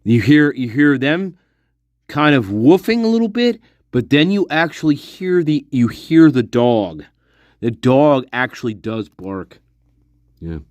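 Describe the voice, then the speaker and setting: Slow, intense man speculating. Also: mid-range voice, animated, a little mellow, no echo. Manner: intense, repetitive, profane speculation. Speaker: online commentator. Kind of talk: casual monologue to viewers.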